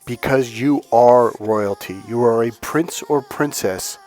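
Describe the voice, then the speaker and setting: A man who coaches on dating and healing, giving an animated, preachy motivational talk and retelling a story. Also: mid-range voice, slow. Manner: animated, acts out other people's lines in the story; preachy, emphatic. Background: faint music.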